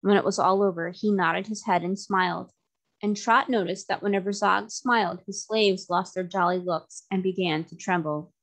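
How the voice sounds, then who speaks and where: A woman narrating a classic children's novel aloud, in a steady storytelling manner. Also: mid-range voice, moderate pace.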